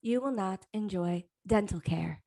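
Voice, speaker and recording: A young adult woman telling a comic personal story on a live stream, profane, animated and self-mocking. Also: medium pitch, a little slow, creaky, no echo.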